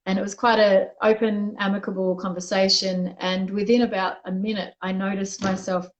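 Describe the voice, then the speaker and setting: A woman being interviewed as a guest tells a personal story in a candid, reflective way, often restarting her sentences in the conversational exchange. Her voice is mid-range with a flat delivery and a moderate pace, and the recording is low-quality.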